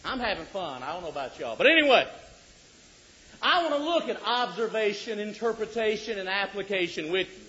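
A middle-aged man preaching a sermon, joking with the congregation and rising to shouts for emphasis. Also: high voice. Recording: dull lo-fi recording.

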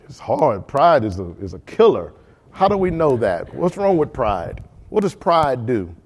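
At an ordinary middle pitch, a man leads a Bible study class, repeatedly asking the group questions and checking that they follow along. He repeats key words to drive points home, his slightly rough voice swinging widely in pitch at a measured pace.

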